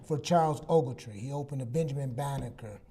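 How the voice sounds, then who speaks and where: A man's voice: medium pitch, fast. A man in his sixties, a guest psychologist, telling personal stories in casual chat and acting out the lines he quotes. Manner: animated storyteller, acts out quoted dialogue.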